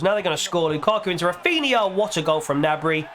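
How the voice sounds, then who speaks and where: A man's voice: high voice, fast talker. A young man giving casual, jokey commentary over a football video game, his voice a little strained. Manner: chatty, jokey, excitable play-by-play. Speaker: gaming YouTuber.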